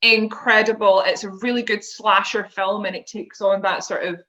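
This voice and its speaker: A woman's voice: mid-range voice, fairly even intonation, moderate pace, dull audio, crowd noise. A woman guest on a podcast who chats enthusiastically and giggles often. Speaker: guest, presenter and performer. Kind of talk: casual chat.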